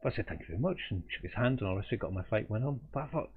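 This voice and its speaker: A man's voice: lowish voice, lively intonation, rapid-fire, husky. A middle-aged man, an artist hosting a live drawing stream, telling a casual, rambling anecdote with chuckles and restarts. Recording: tinny phone-like audio.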